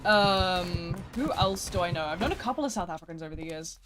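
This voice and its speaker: A British live streamer chatting casually and rambling while gaming, swinging between loud asides and quiet mutters. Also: medium pitch, expressive, fairly quick, music in the background.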